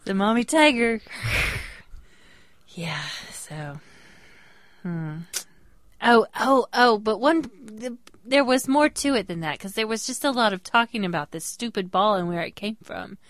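A young woman, a mother, co-hosting a casual podcast and telling a story with lively voice changes. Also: measured pace, no room sound, studio quality. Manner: animated storyteller, jumps into high voices when quoting people. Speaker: podcast co-host. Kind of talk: casual chat.

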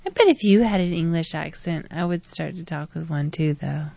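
A woman's voice: deep voice, brisk, creaky, a little mellow. A woman co-hosting a podcast in a casual chat, talking playfully and telling stories about her child. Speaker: podcast co-host.

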